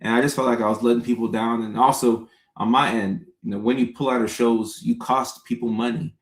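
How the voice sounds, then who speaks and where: A man hosting a casual livestream, answering viewers' comments by name in an unhurried, conversational way. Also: mid-range voice, fairly even intonation, roomy sound. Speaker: comedian and livestream host answering chat.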